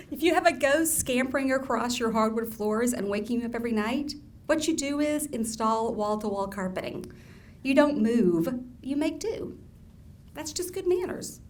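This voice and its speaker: A woman from Alabama, reading her own humorous essays aloud at a live book event in a wry, deadpan way with laughing asides. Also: a little high, normal speed, a little hiss or hum. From Alabama, US Southern. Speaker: author. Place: event room with audience.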